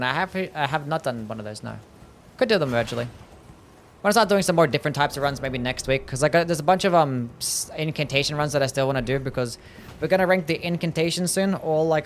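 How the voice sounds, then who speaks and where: This man's voice sits on the high side as he plays a game live from home. He banters with his audience, answering their questions offhandedly, laughing and cursing now and then, over slight background noise.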